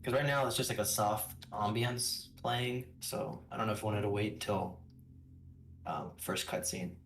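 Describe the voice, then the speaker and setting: Laid back guy on a stream call, kinda low voice, asking quick questions, bit of faint hiss. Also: vocal fry. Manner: relaxed and chatty, asks quick questions. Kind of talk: casual chat.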